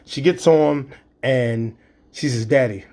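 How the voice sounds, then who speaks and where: Storyteller, male, 50s, middle-pitched, vivid spoken-word delivery with sound effects. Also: normal speed, darkish tone. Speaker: storyteller and poet.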